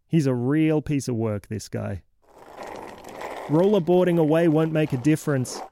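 A man's voice: fairly high pitch, normal speed, warm tone, a little hiss or hum, pitched above the performer's own voice, close to an everyday voice. A man playing a cranky townsman who lectures and mocks a kid in a comic horror monologue. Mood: mocking. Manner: exasperated, mocking, lecturing.

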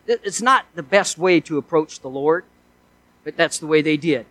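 A man's voice: fairly high pitch, lively intonation, normal speed, fairly bright tone, dry recording, rough recording. A male pastor preaching a sermon in an earnest way, asking his listeners one rhetorical question after another.

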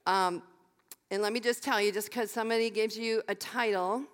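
Older woman, pastor, sermon, animated, laughs easily, repeats key phrases, long hall reverb. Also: medium pitch, normal speed.

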